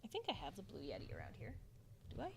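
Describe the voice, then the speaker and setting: A woman's voice: fairly low pitch, huge pitch swings, quick pace, slight background noise. A young woman streaming live at home into a desk microphone, chatting casually and rambling to herself as she works and answers chat. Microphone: desktop microphone.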